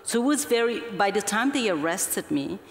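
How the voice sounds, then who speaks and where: A woman, a journalist guest telling her story onstage with earnest, halting restarts. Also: mid-range voice, animated. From Mexico. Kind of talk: onstage conversation. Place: festival stage before an audience. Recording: hall reverb from a live event.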